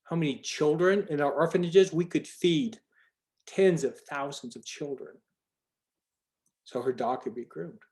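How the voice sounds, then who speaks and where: A man with a fairly high voice talks on a video call. He rambles and stresses his points hard, often stopping and starting his sentences over. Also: unhurried, pauses often, a little mellow. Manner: rambling, emphatic, frequent restarts. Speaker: call organizer. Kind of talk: casual group video call talk.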